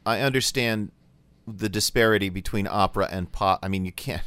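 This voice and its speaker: Older male co-host, low smooth voice, opinionated, halting restarts, dry close sound. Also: a bit bright, no echo. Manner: opinionated, searching for words. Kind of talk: casual panel chat.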